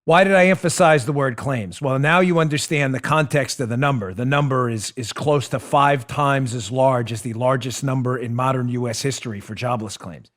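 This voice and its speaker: A man hosting a political talk show, delivering an emphatic monologue straight to his listeners, dropping low and quiet and then building up loud. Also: moderate pace, few pauses. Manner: emphatic, swings between hushed and raised; addresses listeners directly.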